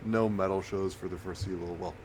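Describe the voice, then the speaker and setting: A man co-hosting a podcast, speaking in a hesitant, low-key way with many fillers. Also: fairly even intonation, quick pace. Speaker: podcast co-host. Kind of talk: casual chat. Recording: noisy background.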